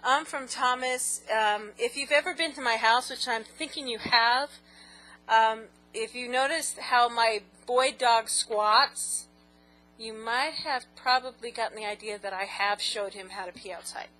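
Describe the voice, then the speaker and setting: Bright, slightly high woman vlogger; giggly, rambling and self-mocking. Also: a little slow, rough recording. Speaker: vlogger answering viewer questions. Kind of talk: casual chat.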